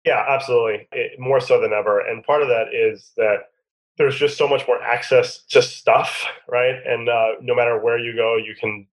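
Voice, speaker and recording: A man's voice: medium pitch, steady tone, normal speed, rough recording. A man with a cold and a nasal voice, talking as a podcast guest and coach in a thoughtful way. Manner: thoughtful, uses homely analogies. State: has a cold. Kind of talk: casual interview talk.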